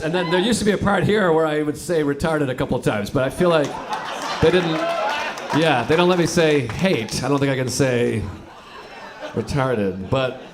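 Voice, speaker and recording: A man doing a stand-up comedy set, telling wry stories with laughter breaking in. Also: a little high. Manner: wry storytelling punctuated by audience laughter. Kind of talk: stand-up set played as a clip.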